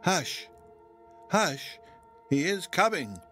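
A man voicing an agitated, tearful old gentlewoman who pleads in trembling, urgent, hushed tones. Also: on the high side, very animated, very slow, faint music behind, pitched above the performer's own voice, heavily acted.

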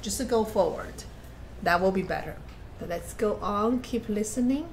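With medium pitch, lively intonation, and a moderate pace, a woman offers patient masterclass feedback on a recorded performance as a piano teacher. She explains plainly, counting or humming passages aloud, while piano plays in the background.

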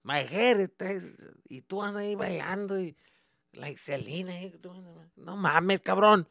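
A man voicing his irritated, tired father, who shouts scoldings in Spanish after work. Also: fairly high pitch, lively intonation, a little slow, creaky, no echo, studio quality, pitched above the performer's own voice.

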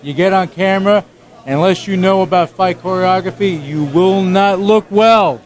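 A man's voice: sits high, normal speed. A man hosting an interview, chummy and casual, filling his talk with "you know" and "man". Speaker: interview host.

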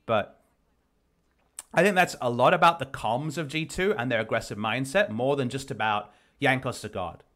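A man's voice: mid-range voice, normal speed, fairly bright tone. A man breaking down a recorded match as an esports analyst, explaining plays in detail. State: losing his voice. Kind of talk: game review commentary.

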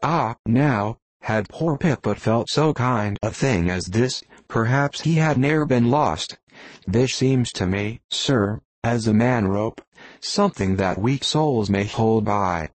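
A man's voice: medium pitch, animated, takes it slowly, no room sound. A man voicing a lost, crazed young cabin boy in an audiobook, in a singsong, wandering way. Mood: tender.

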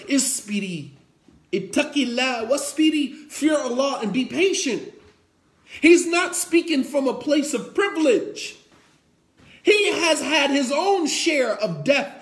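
A man preaching a sermon, emphatic and repetitive, who acts out the quotes in his stories. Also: very high voice. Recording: roomy echo.

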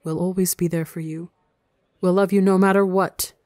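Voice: medium pitch, little pitch movement, normal speed, a little mellow, dry recording, clean studio sound, natural voice. A podcast reader voicing a soothing, insistent inner voice that speaks in a whisper. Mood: hushed.

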